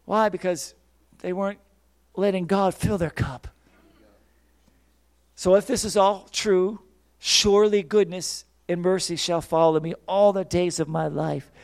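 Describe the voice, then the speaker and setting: A man preaching a sermon, fervent, swinging from quiet musings to shouted praise and acting out quoted voices. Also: high voice, steady tone, a little slow, gravelly, pauses often, dry recording.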